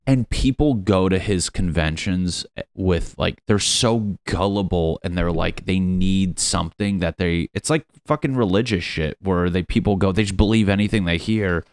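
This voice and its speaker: Low-voiced man on a profane rant. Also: normal speed, few pauses, dry recording. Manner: profane, rambling, mocking. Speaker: podcast host. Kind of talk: casual comedic rant.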